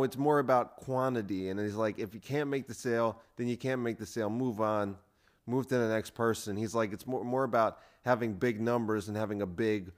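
A man of ordinary middle pitch telling a story on his own podcast. He rambles, restarts his sentences and leans on filler words. He keeps acting out other people's lines with "he's like". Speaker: podcast host. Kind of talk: casual solo storytelling.

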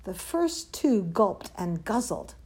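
A woman's voice: mid-range voice, sing-song, slow, darkish tone, slightly rough. A woman reading a rhyming children's picture book aloud with a lilting, sing-song rhythm. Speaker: storyteller.

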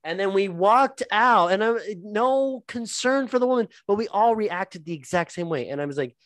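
A man co-hosting a podcast, telling a story in animated casual chat with lots of fillers and swearing. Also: high-pitched, moderate pace, dry recording. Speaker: podcast co-host.

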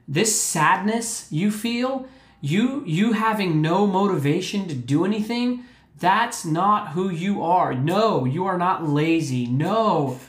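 Emphatic man in a roomy echo. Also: high-pitched. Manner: emphatic, repetitive, checks in with "okay?". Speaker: mental health podcast host. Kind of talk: earnest motivational talk. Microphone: podcast mic.

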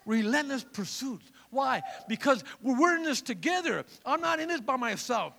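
A male pastor delivers a fervent sermon with a very high, gravelly voice, pausing for call-and-response. His tone is bright and cutting. The sound carries long reverb from a church hall. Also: lively intonation, a little hiss or hum.

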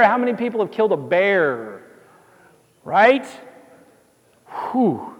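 A man preaching a sermon, animated storytelling with jokes and asides that builds to emphatic exhortation. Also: high voice, slow, pauses often, in a large hall. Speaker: pastor.

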